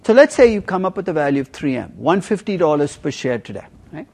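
A man teaching a university finance class, emphatic and lively, teasing students with questions. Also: on the high side, fast. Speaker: finance professor. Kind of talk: university lecture.

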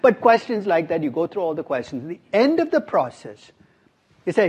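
A man's voice: sits high, huge pitch swings, fairly quick, a little mellow, breathy edge. A middle-aged man giving a classroom lecture as a professor, quizzing his students and dropping wry asides. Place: university classroom.

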